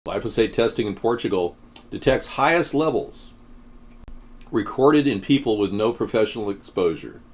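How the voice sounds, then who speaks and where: A man's voice: lowish voice, animated, moderate pace. A man hosting a political talk show, reacting to a video and reading viewer comments with indignant, sarcastic commentary. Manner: indignant, sarcastic, talks back to chat. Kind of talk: live commentary on video and chat.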